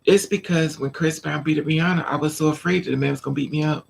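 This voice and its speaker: A woman's voice: deep voice, steady tone, fast, vocal fry, slight background noise. A woman vlogger telling stories in a casual livestream chat and talking straight to her viewers. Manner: chatty storytelling, addresses viewers directly.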